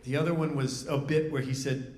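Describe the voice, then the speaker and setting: A man, a film director as guest, talking in an onstage festival discussion, halting with many restarts and frequent laughs. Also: on the high side, steady tone, a little mellow. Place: festival event venue. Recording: echoey room, faint noise.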